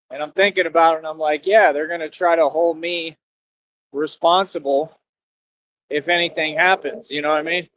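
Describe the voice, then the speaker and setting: A self-assured man streaming live from outdoors, his voice a touch higher than most. He rambles on and sounds tired from the heat. The sound is dry and a little dull and lo-fi. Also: fairly bright tone, dry recording.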